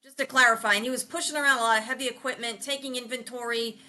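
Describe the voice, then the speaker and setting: Bright-voiced woman hosting a chat. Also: on the high side, racing. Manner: emotional, laughs often, lively storytelling. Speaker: podcast host. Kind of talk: casual chat.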